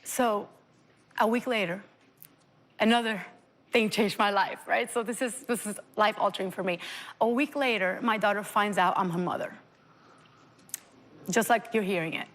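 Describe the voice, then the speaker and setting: A woman's voice: medium pitch, normal speed, pauses often, a bit bright, long reverb tail. A mother telling an emotional personal story as a guest on a TV talk show, earnest and close to tears. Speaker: parent guest.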